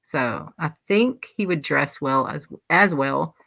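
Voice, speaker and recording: Low gravelly woman chatting. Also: slow, fairly bright tone, dry recording. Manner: rambling, chatty, many restarts. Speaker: livestream host. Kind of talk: casual chat reading live comments.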